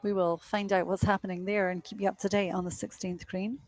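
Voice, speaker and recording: A woman's voice: mid-range voice, little pitch movement, fairly quick, darkish tone, no echo. Young woman, live golf commentator, windy outdoor course, chatty and self-mocking, dry close sound. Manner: chatty, self-deprecating, laughs at herself.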